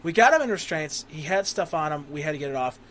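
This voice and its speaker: A man's voice: fairly high pitch, lively intonation, fast talker, fairly bright tone, slight background noise. A man hosting a casual podcast, telling a crude, rambling, profanity-heavy story. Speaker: podcast host.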